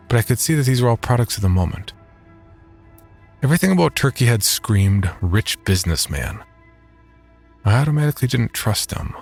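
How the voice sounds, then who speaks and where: A man narrating a horror audio drama in first person, wry and deadpan. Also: deep voice.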